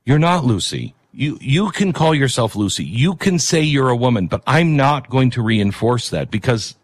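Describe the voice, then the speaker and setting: A man's voice: mid-range voice, very animated, normal speed, dry recording. A man hosting a talk radio show, delivering a rambling, opinionated monologue with self-deprecating asides.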